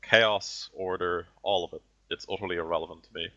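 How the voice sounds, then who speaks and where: Man playing a condescending ancient sorcerer villain: very low, bright-edged, grandiose, muffled lo-fi sound. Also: steady tone. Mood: menacing. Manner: slow, grandiose villain speeches. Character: callous ancient male heretic sorcerer, condescending. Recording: dull lo-fi audio.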